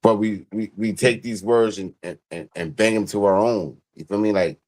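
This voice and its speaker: A man's voice: fairly low pitch, moderate pace, a little mellow, dry recording, low-quality recording. A man co-hosting a casual podcast who laughs often, talks in slang and trips over his words. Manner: laughing, slangy, stumbling restarts. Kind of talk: casual group chat.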